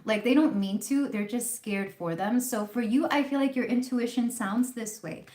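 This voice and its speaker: A woman's voice: on the high side, moderate pace, darkish tone. A woman hosting a live tarot reading, chatting casually and rambling with fillers. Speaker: tarot reader hosting a livestream. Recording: roomy echo.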